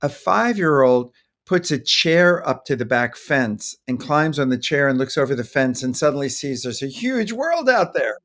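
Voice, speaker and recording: Man, older, pediatrician, podcast guest, thoughtful, mid-pitched voice. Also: lively intonation, moderate pace, fairly bright tone. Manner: thoughtful, acts out soothing toddler talk. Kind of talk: podcast interview.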